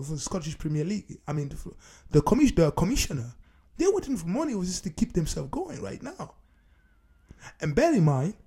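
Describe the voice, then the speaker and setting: Emphatic talk show host, lively pitch. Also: slightly rough. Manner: emphatic, repeats key phrases. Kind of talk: solo opinion monologue. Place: based in Scotland.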